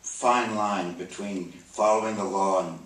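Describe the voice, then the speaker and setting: A man's voice: lowish voice, steady tone, a little slow, a bit bright. A man interviewing a guest on stage, putting leading questions and speaking straight to the audience. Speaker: interviewer and moderator. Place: theater stage before an audience. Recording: echoey hall, mic from far off.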